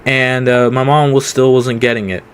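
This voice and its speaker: A man's voice: medium pitch, little pitch movement, normal speed, smooth. A young man telling a casual storytime, rambling with many fillers. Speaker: vlogger.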